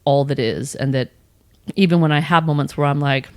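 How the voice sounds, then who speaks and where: Woman, podcast guest, slightly low voice, animated and laughing, dry close sound. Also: fairly quick, dry recording. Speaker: guest, spiritual coach and channel. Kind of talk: casual podcast chat.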